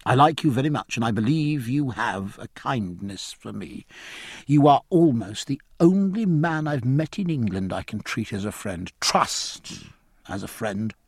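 A man's voice: medium pitch, lively intonation, a little slow, breathy edge, dry recording, clean studio sound. A man reading an audiobook, voicing a spirited, outspoken young woman who is scornful and impassioned. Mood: bitter. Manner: scornful, impassioned, sharp-tongued. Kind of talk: audiobook character voice.

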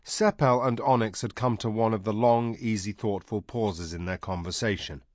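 Measured low-voiced male audiobook narrator. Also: steady tone, dry recording, clean studio sound. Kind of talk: scripted narration.

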